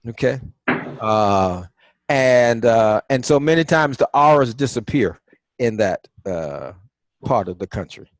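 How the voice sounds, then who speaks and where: A man leads an online class over a video call, quizzing his students and nudging them on in an easygoing, conversational way. His voice sits at an ordinary middle pitch. The sound is dry, with no room echo. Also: animated, takes it slowly. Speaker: teacher.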